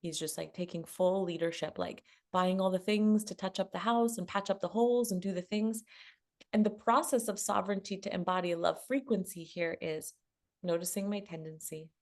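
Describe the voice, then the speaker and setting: A woman love coach telling a personal story in a relaxed conversation, laughing often and acting out what people said. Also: lowish voice, normal speed. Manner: animated, laughs often, acts out quotes.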